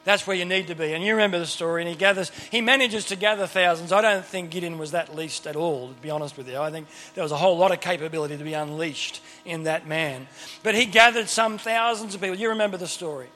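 A man preaching a sermon to a crowd, a lively storyteller who acts out Bible characters and adds humorous asides and questions to the audience. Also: sits high, fast talker, a little hiss or hum. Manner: speaks to a crowd with frequent questions.

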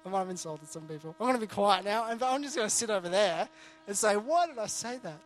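Male preacher, high tenor, casual sermon, self-deprecating, stop-start phrasing. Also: animated, quick pace, slight background noise. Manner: earnest, jokey, frequent restarts. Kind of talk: conversational sermon.

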